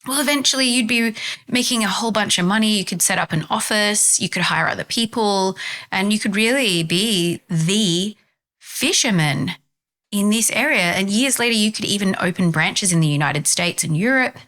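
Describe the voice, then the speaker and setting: A woman voicing an eager, incredulous male American tourist who asks rapid, insistent questions. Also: mid-range voice, fairly bright tone, lightly acted.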